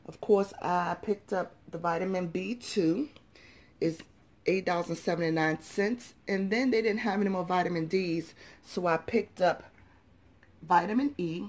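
A woman with a groggy, just-woken-up voice chats through a casual couponing haul vlog, her pitch sitting a little low. She talks straight to her viewers, calling them y'all and subbies, in an easy running patter. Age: adult parent of young children. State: groggy early-morning voice. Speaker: couponing vlogger.

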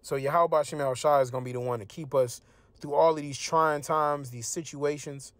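A man with a high voice gives an informal scripture teaching. He reads each verse slowly, then breaks it down in loose street slang. The sound is dry and close, with no room echo. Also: fairly even intonation. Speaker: religious teacher.

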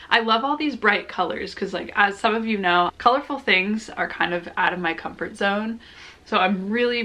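Young woman, crochet vlogger, casual unboxing chat, unhurried pace, gushing, excitable. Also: mid-range voice. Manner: gushing, excitable, gasps and giggles.

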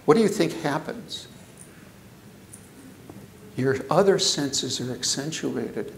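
Animated older man lecturing in echoey hall. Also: a little high, slow pace, creaky, long pauses, a little hiss or hum. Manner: animated, repeats words, asks the audience questions. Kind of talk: lecture to an audience.

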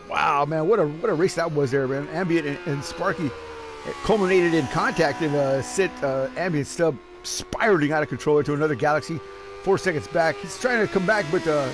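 A man giving casual, joking commentary on an online sim race, excitable and quick to laugh. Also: fairly high pitch. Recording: noisy background.

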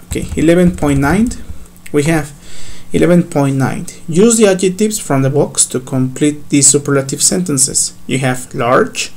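A man whose first language is Spanish, teaching an English grammar lesson slowly, step by step, with fillers. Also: a little high, a little mellow. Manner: slow, step-by-step explaining with fillers.

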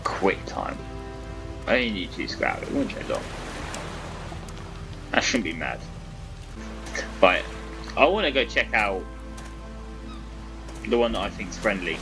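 Excitable gamer man, lively pitch. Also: slow pace, pauses often, over music. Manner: excitable, swears, talks to himself and the game. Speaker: gaming YouTuber. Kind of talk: let's-play commentary.

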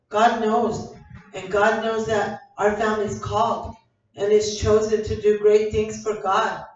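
At an evening sermon in a church sanctuary, an older woman pastor preaches with fervent conviction in a slightly high voice, repeating herself and restarting often as she builds each point. She sounds distant, carried through a heavily echoing hall, and the audio is dull and muffled.

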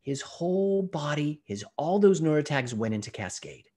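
Male presenter, physician type, online talk; husky, animated delivery with wide pitch swings. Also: moderate pace. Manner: lively, expressive storytelling with acted-out exclamations.

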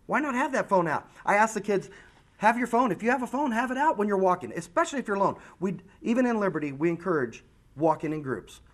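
A man in his forties with an American accent speaks to a room of parents at a community coffee meeting. His voice sits high for a man, and he keeps it animated by slipping into quick impressions of children and his own daughter. The delivery is chatty and earnest. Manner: animated, acts out kids' lines. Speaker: school safety presenter.

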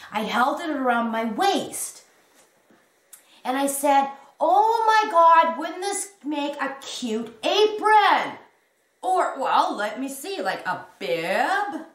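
Woman, 50s, slow and chatty home crochet vlogger who keeps restarting her sentences, in an echoey room. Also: high voice. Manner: rambling, chatty, restarts and giggles. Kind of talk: casual show-and-tell chat.

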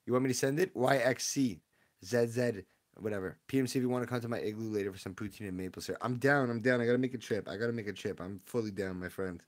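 Excitable man chatting on a live stream. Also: medium pitch, quick pace. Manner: excitable, chatty, talks to viewers. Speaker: streamer opening card packs. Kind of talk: casual live-stream chat.

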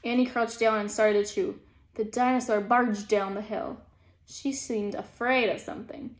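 A woman teacher reading a children's storybook aloud in a gentle, calm manner as she guides young listeners. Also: medium pitch, normal speed.

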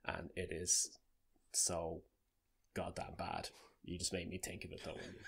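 A man co-hosting a casual podcast chat. His voice sits low with a husky edge, and he tells stories in an animated way, often breaking into laughter. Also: measured pace. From Ireland. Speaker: podcast co-host.

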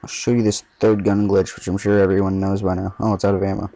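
Low-voiced joking male gamer. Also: little pitch movement, fast, gravelly, mellow. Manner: joking, trash-talking, reactive. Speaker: gameplay commentator. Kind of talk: casual gameplay commentary.

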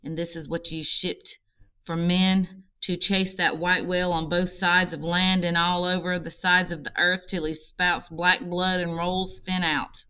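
Fierce old male ship captain, read by a woman, declaiming, clear bright voice, unhurried. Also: little pitch movement. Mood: rousing. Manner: booming, vengeful declamation. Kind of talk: amateur audiobook reading.

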